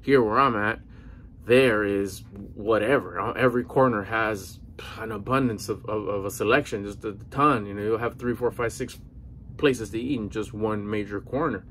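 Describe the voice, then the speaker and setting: A man's voice: on the low side, normal speed, a bit bright, a little hiss or hum. Breathless, earnest middle-aged man. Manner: rambling, earnest, with slang and restarts. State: a little out of breath. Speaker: vlogger. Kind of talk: casual motivational talk to camera.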